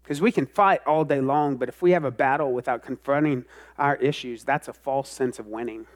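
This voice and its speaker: A man preaching a sermon to a congregation, animated and self-mocking, sometimes bursting into loud outbursts. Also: medium pitch, fairly quick. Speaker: pastor.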